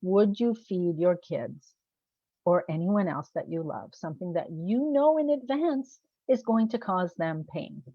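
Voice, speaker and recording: Woman, coach, casual to-camera talk, rhetorical questions, low-pitched, dry dull recording. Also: lively intonation, unhurried, no echo. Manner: conversational, asks rhetorical questions; laughs at herself.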